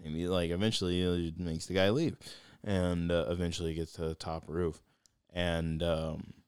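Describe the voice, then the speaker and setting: Deep-voiced excitable young man. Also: moderate pace, smooth, dry recording, studio quality. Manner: excitable storyteller, acts out voices. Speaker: podcast co-host. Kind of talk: casual chat.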